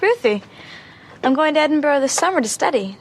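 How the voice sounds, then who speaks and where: A woman's voice: sits high, lively intonation, fairly quick, poor audio. An actress playing an eager, chatty sixteen-year-old girl in a played clip.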